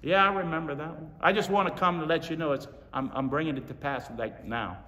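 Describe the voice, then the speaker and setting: A male preacher voicing a calm heavenly messenger who reassures an old couple about a promise. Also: fairly high pitch, fast, big-room sound. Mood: reassuring.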